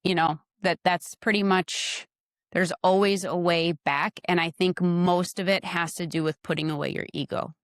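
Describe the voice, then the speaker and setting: A woman with a fairly low, fairly even voice speaks at a moderate pace in a dry, studio-quality recording. She's a podcast guest and the host's wife, chatting casually and frankly about her marriage, giving direct advice and acting out little dialogues.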